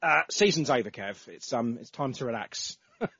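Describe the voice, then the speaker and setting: A man's voice: medium pitch, lively intonation, moderate pace, a bit bright, husky, no room sound. A man hosting a casual football podcast, reading out listener entries with lots of ums and uhs. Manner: reads out listener entries with many fillers. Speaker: podcast host. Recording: slightly dull lo-fi audio.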